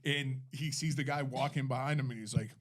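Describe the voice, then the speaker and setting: A man from Massachusetts, co-hosting a podcast and telling profane, animated stories in casual chat. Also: medium pitch, fairly quick. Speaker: podcast co-host.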